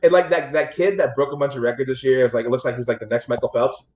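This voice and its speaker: A man talks quickly and loosely in casual chat. He swears freely, laughs often and keeps rambling from one point to the next. His pitch sits in the middle range. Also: steady tone, darkish tone, muffled recording.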